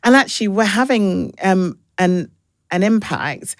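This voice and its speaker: A woman in her forties, a broadcaster guest in an interview, talking frankly and telling lively stories. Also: mid-range voice, unhurried, no room sound, clean studio sound. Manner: frank, anecdotal, lively storytelling. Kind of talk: casual interview chat.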